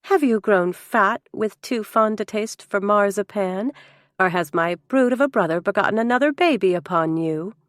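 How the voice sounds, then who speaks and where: A woman's voice: mid-range voice, moderate pace, no echo, clean studio sound, pitched above the performer's own voice, close to an everyday voice. Woman voicing a gushing, teasing elegant sister. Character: effusive older sister, fashionable, playful woman.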